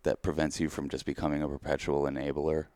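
A man's voice: very deep voice, completely flat delivery, fast talker, a little mellow, no echo, studio quality. A man co-hosting a podcast, talking candidly in a rambling, self-deprecating way. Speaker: podcast co-host. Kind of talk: casual chat.

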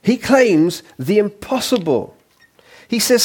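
A man's voice: fairly high pitch, big pitch swings, measured pace, husky. A man preaching a sermon in a church, conversational and playful, with humorous asides.

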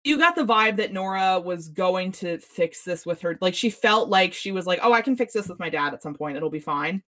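Lower-pitched woman cohost, swearing and restarting a lot, fed-up recap rant. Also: expressive, moderate pace, sharp tone. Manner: profane, exasperated ranting with many restarts. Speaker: podcast co-host. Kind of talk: casual TV recap chat.

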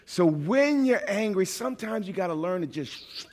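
A man with a New York accent preaching a sermon, emphatic, moving from quiet asides to shouted points. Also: high voice, lively intonation, moderate pace. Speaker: pastor.

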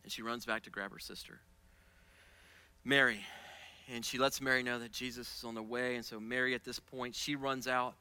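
A man preaching a sermon as pastor, moving from casual, soft asides with repeated words to loud, high-pitched passages. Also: clear, resonant tone, no room sound.

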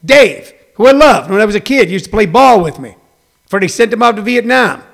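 A man's voice: sits high, expressive, fairly quick, vocal fry, fairly bright tone. A middle-aged man hosting a talk show, delivering a chatty, rambling monologue full of folksy asides.

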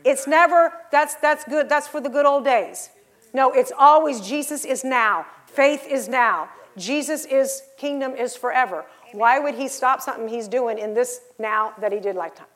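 A woman with a fairly high voice preaches a sermon in middle age. She tells stories and acts out the voices in them, and she pushes the congregation to get louder. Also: moderate pace. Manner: rising to loud exhortation.

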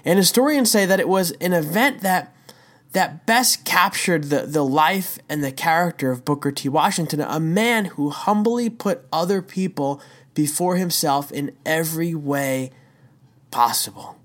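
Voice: mid-range voice, animated, unhurried. A devotional teacher giving a casual talk, telling a story with emphatic rhetorical questions and chatty asides. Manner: conversational, says "dude" and "right?".

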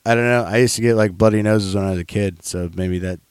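A man's voice: on the low side, steady tone, fast talker, smooth, no room sound. A man casually telling a rambling, profanity-heavy story in a chat.

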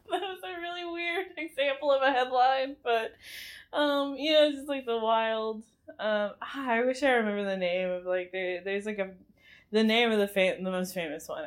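A woman's voice: fairly high pitch, animated, normal speed. A young woman casually recapping a film as a podcast host, chatty and giggly, rambling with lots of fillers. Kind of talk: casual chat.

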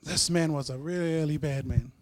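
A man sharing his personal testimony in church, telling his story earnestly, with swings between loud and soft. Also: on the high side, moderate pace. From New Zealand. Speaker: guest speaker sharing testimony.

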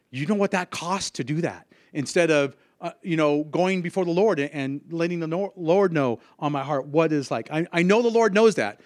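A man giving an informal sermon, earnest and halting, with many restarts. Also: on the high side, no echo, clean studio sound. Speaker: lay preacher.

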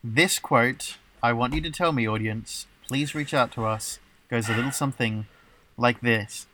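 A man's voice: medium pitch, unhurried, sharp tone, a little hiss or hum. A man hosting a casual podcast, rambling and playful with lots of fillers. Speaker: podcast host.

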